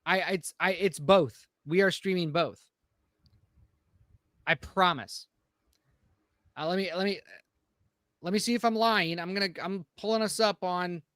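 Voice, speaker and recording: A man with a high, bright speaking voice co-hosts a live-stream podcast in casual chat. He sounds upbeat and keeps calling out viewers in the chat, rambling with fillers. The sound is dry and close, with no room around it. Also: unhurried, long pauses, no echo. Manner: rambling with frequent fillers and restarts. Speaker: podcast co-host.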